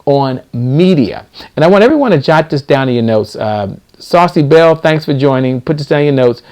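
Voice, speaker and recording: Gravelly man preaching to viewers. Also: a little high, expressive, normal speed, darkish tone. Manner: preachy, repeats lines for emphasis. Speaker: host. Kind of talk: live-stream motivational talk.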